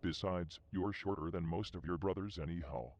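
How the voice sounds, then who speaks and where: A man playing a deep, sardonic emperor. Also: normal speed, a little mellow, natural voice. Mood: dry. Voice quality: deep, dry, profane and sardonic. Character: stern all-knowing male emperor lecturing. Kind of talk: scripted comedic narration. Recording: clear background noise.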